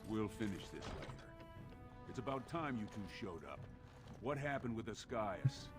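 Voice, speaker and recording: A menacing dwarf crime boss. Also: male voice, on the low side, sing-song, normal speed. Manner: threatening, sarcastic. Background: game music.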